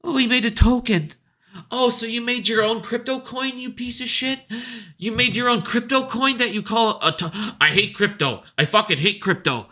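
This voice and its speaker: Speaking at normal speed in an extremely high, pushed and bright voice, a male video commentator delivers a profane, sarcastic rant that mocks people.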